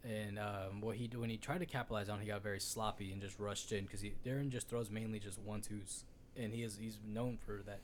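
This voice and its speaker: A man's voice: fairly low pitch, steady tone, quick pace, hardly any pauses, a little hiss or hum. A man co-hosting a casual sports podcast, rambling and swearing freely with lots of fillers. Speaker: podcast co-host.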